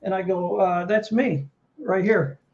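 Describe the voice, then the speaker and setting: A man's voice: sits high, measured pace, muffled recording. A middle-aged Navy veteran man telling a story casually in an interview, quoting other people as he goes. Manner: animated anecdote teller, quotes others.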